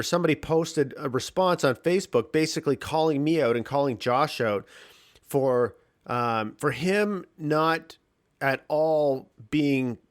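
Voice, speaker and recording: A man hosting his podcast alone from his home basement, talking candidly with a morning voice, clearing his throat, swearing and restarting sentences. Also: on the high side. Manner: candid, rambling, swears freely, frequent restarts. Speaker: podcast host. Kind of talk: casual solo podcast monologue.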